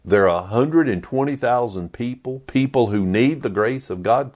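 A man voicing God, calm and reproving. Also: medium pitch, normal speed, close to an everyday voice. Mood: reasoning. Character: God speaking, patient and reproving, male.

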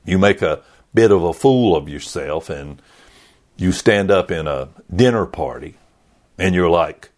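A man's voice: low-pitched, animated, a little slow, a little mellow. A man preaching a sermon, retelling a story with drama and acting out characters' thoughts.

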